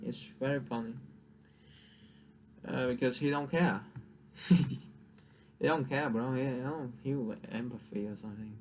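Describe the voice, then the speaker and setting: A man's voice: mid-range voice, darkish tone, slight background noise. A young man whose first language is Vietnamese, venting in a casual, profane rant and laughing at his own jokes. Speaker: vlogger.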